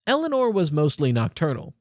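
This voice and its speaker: A man's voice: a little high, wildly swooping pitch, fairly quick, no echo, clean studio sound. Young man narrating an audiobook. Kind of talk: scripted narration.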